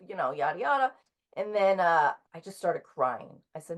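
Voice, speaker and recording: A woman in her thirties, a guest author talking casually in an interview, halting with frequent ums and restarts. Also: mid-range voice, expressive.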